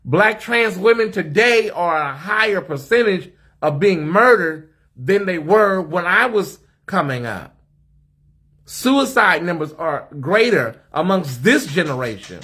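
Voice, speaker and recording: Sassy American man, husky voice. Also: sits high, expressive, unhurried, pushed and bright. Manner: sassy, talks straight to the comments. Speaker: host of a live stream. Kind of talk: casual live-stream chat. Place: hotel suite.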